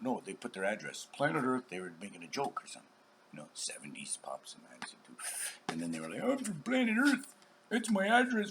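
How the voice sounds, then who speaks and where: A man talks to his channel in a long, rambling monologue, bursting out loud and then dropping to a whisper. His pitch jumps around a lot, and faint background noise sits under the voice. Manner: rambling, swings between loud outbursts and whispers, acts out voices. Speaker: channel host.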